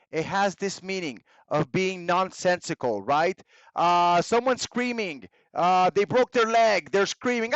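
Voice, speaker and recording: A young man teaches English to students in a live online class, his plain as he moves between the two languages. His voice sits fairly high and he takes each word slowly and carefully. The sound is dry and a little dull, like a basic streaming mic. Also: dry recording. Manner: patient, explains slowly, switches between English and Spanish.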